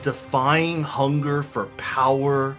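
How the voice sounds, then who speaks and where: A man running a tabletop game as game master, narrating dramatically and slowing down for effect, with frequent restarts. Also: mid-range voice, level tone, fairly bright tone. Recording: dull lo-fi recording, faint music.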